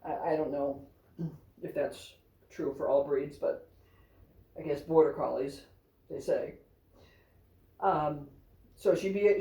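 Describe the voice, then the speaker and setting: A woman's voice: dark tone, roomy sound, distant mic, rough recording. Chatty woman training her dogs. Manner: chatty, breaking into high cheerful commands to the dogs. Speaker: therapy dog handler. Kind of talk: casual home video with her dogs. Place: at home with three dogs.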